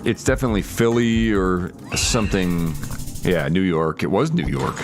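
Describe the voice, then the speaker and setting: A man's voice: sits low, expressive, moderate pace, over music. A man streaming a geography guessing game, thinking aloud, hedging his guesses and answering viewer comments in casual chat. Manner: reads viewer comments and replies. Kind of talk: casual live-stream chat while gaming.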